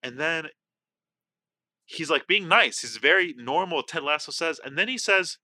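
Young guy podcast cohost, super bright forceful voice, dry sound, gets real personal. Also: fairly high pitch, measured pace, no room sound. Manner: animated, open, emotional. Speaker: podcast co-host. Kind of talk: casual podcast chat.

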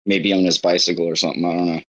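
A man's voice: sits low, level tone, racing. A man chatting casually on a live audio chat, with a dry sense of humour.

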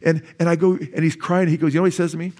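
A male pastor preaching a sermon to his congregation, telling a story with rising excitement and a voice that climbs high when moved. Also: rapid-fire. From United States. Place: church sanctuary.

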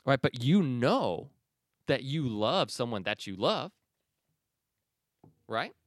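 A man's voice: mid-range voice, sing-song, slow, no echo, studio quality. A man hosting a podcast, talking in a conversational, emphatic way and correcting himself as he goes. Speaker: podcast host. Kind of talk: casual commentary and reading aloud.

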